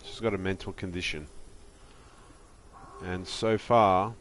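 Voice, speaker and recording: A low-voiced man chatting on a game live stream. He rambles in a relaxed, friendly way, calling viewers "my friend," with a faint hum in the background. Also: slow. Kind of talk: casual live-stream chat.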